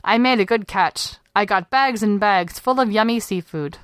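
A cheerful, confident fisherman father, read by a woman in a light, upbeat voice. The voice sits a little above her usual reading pitch. The recording is close and dry. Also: normal speed, smooth, no room sound, lightly acted.

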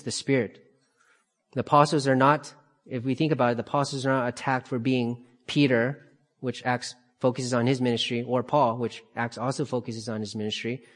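A man teaching a Bible study, calmly explaining passages and repeating key phrases for emphasis. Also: mid-range voice.

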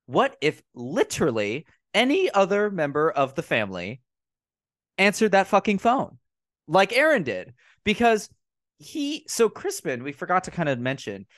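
A man hosting a casual movie review podcast, recapping scenes in a profane, mocking, animated way. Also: mid-range voice, no echo, studio quality. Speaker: podcast host.

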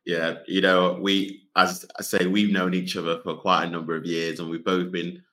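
Deep-voiced male podcast co-host. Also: level tone, moderate pace, sharp tone. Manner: affirming, collegial. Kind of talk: conversational interview.

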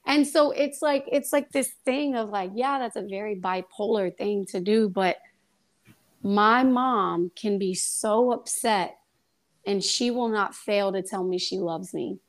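A woman's voice: mid-range voice, a little slow. Young woman telling a heartfelt story. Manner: lively storytelling, acts out quoted dialogue. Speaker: guest. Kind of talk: casual faith testimony.

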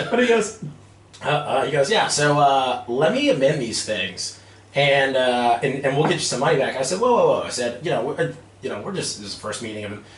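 A man in his thirties telling a lively story about his army days, acting out quotes and laughing often. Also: medium pitch, a little fast. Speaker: guest, army veteran turned real estate investor. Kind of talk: casual storytelling interview. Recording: roomy, distant mic with faint noise.

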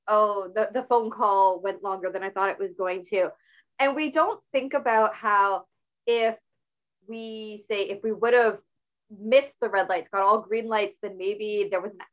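A middle-aged woman hosting a casual talk show, telling stories in a chatty, animated way. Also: medium pitch. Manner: chatty, animated storytelling with laughs. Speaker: podcast host. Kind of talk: casual conversational interview. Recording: slightly dull lo-fi audio.

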